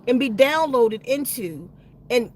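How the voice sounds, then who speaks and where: Woman w a high voice spilling a wild personal story, slangy, keeps restarting words. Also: animated, slow pace, a little hiss or hum. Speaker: channel host.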